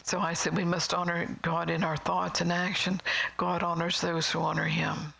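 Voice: mid-range voice, monotone, moderate pace, creaky, bright, forceful tone, poor audio. A middle-aged preacher giving a sermon in a rambling, conversational way, with chuckling asides and whispered emphasis.

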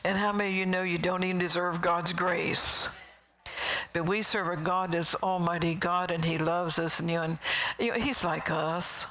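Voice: medium pitch, steady tone, moderate pace, fairly bright tone, rough recording. A middle-aged preacher giving a sermon in a rambling, conversational way, with chuckling asides and whispered emphasis.

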